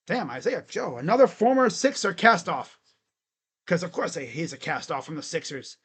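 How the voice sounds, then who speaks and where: A man with a fairly high voice calls the game live in quick, excitable bursts. He swears casually and laughs easily, talking like a fan on a stream. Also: breathy edge. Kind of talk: casual play-by-play commentary.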